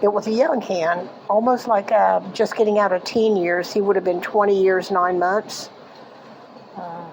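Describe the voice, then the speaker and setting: An older woman from Florida, casually telling a memory from her childhood in a halting way, restarting sentences and trailing off into quieter asides. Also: fairly low pitch, slight background noise, rough recording. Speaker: eyewitness recounting a childhood memory. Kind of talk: casual personal storytelling.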